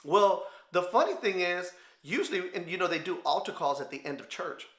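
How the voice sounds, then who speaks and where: A man with a Texan accent tells an animated story, his voice high and bright. He acts out quotes and laughs along the way. The sound rings a little in a roomy studio. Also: fairly quick. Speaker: guest telling his story. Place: television studio.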